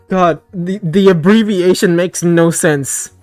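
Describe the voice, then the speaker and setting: A man's voice: sits high, steady tone, a little slow, few pauses, darkish tone, no room sound, soft background music. Profane, laughing man in voice chat. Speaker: streamer hosting a voice chat. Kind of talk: casual voice-chat banter.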